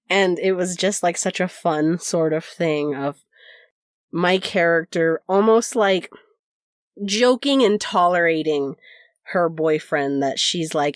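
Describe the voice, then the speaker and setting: A woman co-hosts a podcast, casually telling an anecdote, acting out the quoted voices and laughing often. Her voice is lowish and a little slow, recorded with clean studio sound and no echo.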